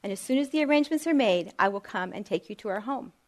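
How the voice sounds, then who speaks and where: Gentle, loving young prince, soft-spoken and reassuring; a woman voices him. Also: on the high side, animated, fast, close to an everyday voice. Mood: tender. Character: gentle loving young man, a king's son.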